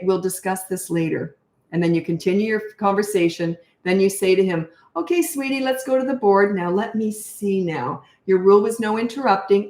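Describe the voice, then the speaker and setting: An older woman with a lowish voice, recorded with reverb, works as a parenting coach. During a live Q&A she answers viewer questions frankly and chattily, thinking out loud as she goes.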